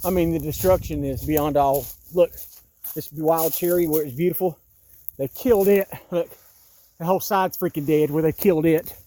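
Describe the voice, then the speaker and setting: A man's voice: on the high side, fairly even intonation, normal speed, mellow. Fiftyish man, exasperated outdoor vlog rant into a phone. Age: 50s. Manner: agitated, exasperated, repeats himself. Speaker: vlogger. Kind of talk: walking-tour vlog rant. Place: outdoors in a wooded yard.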